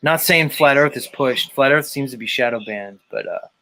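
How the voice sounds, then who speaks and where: A man's voice: medium pitch, normal speed, bright, forceful tone. A man hosting a livestream show, chatting loosely with guests and the chat, swearing freely. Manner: loose and profane, talks to the chat. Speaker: livestream host.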